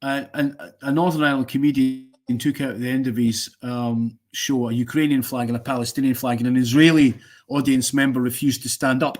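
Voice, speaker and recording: A man's voice: mid-range voice, little pitch movement, brisk, few pauses. A man hosting a casual live stream, giving strong opinions in a rambling way and joking with viewers.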